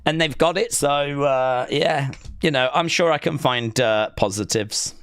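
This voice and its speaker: A man's voice: fairly high pitch, measured pace, fairly bright tone, smooth. A man hosting a live wrestling watch-along, reading chat and riffing with dry sarcasm and lots of fillers. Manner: sarcastic, jokey, rambling with fillers.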